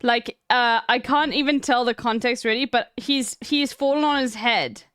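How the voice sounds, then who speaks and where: A young woman with a Cape Town South African accent talks casually to her stream, piling up "like" fillers as she explains. Her voice sits fairly high. The sound is close and dry. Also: normal speed, fairly bright tone, clear, resonant tone, dry recording. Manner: chatty, explaining with many "like" fillers. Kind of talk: casual chat with viewers.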